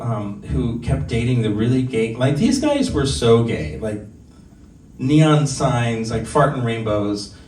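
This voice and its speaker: A man's voice: medium pitch, darkish tone, a little hiss or hum. A man in his forties doing a stand-up set at a bar open mic, telling stories candidly and making fun of himself. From Southern California. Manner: candid, conversational, self-deprecating storytelling. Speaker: stand-up comedian. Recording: echoey room, distant mic, faint ambience.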